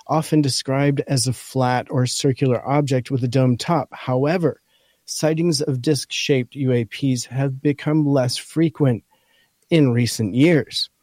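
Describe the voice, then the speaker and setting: Man, scratchy voice, dark and mellow tone, casual podcast chat, dry recording. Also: mid-range voice, steady tone, unhurried, no echo. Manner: talks through a list point by point. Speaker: podcast co-host. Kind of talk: casual chat, reading from an article.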